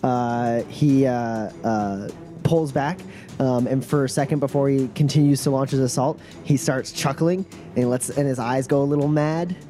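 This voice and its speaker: A man narrates as game master, pausing often and filling the gaps with uhs and likes. Faint music plays underneath. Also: medium pitch, mellow. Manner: halting, filler-heavy narration.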